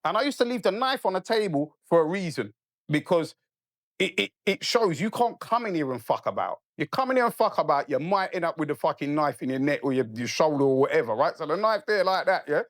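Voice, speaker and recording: A man's voice: fairly high pitch, fairly quick, no room sound, studio quality. Profane man telling a story. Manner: animated, profane, keeps asking "right?". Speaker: podcast guest. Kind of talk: casual storytelling.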